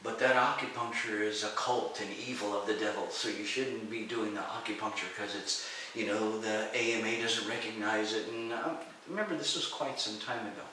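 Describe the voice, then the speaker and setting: A middle-aged man telling lively stories in an interview, acting out the voices of people he quotes and laughing often. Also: lowish voice, moderate pace, few pauses. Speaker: interview guest, martial arts and healing teacher. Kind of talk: storytelling in a conversational interview. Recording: echoey room, far from the mic, faint hiss.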